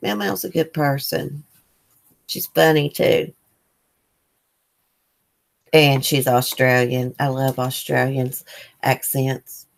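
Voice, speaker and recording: A woman's voice: very deep voice, steady tone, slow pace, creaky, long pauses. A woman hosting a casual morning livestream, chatting loosely and reading viewer comments aloud. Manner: loose, rambling with fillers. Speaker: livestream host. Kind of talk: casual live chat.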